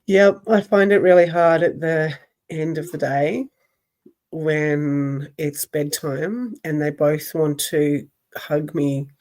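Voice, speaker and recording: A woman co-hosting a casual podcast, reflective and quick to laugh. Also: low voice, steady tone, a little mellow. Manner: slow, reflective, laughs often. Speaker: podcast co-host. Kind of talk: casual chat.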